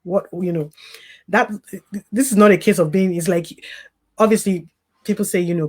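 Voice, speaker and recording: A woman's voice: lowish voice, normal speed, long pauses. Earnest grieving mother talking candidly. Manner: earnest, reflective, with frequent "you know" asides. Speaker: grieving mother as interview guest; grief recovery specialist. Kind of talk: candid conversational interview.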